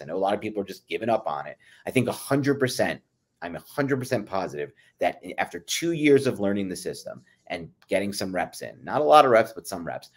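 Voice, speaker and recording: Deep-voiced opinionated sports podcast man. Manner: opinionated, emphatic, repeats "in my opinion"; addresses co-host by name often. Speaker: podcast co-host. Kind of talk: sports analysis chat.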